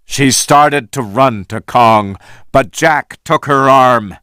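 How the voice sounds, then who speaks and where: A man reading a story aloud for English learners, slow and deliberate. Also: medium pitch, smooth, no room sound, studio quality. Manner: slow, deliberate, lively intonation. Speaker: story reader.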